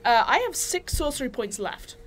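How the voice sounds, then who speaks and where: A woman's voice: on the high side, very animated, normal speed, fairly bright tone. A woman playing a tabletop game, blunt and jokey with plenty of swearing. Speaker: player. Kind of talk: tabletop game role-play.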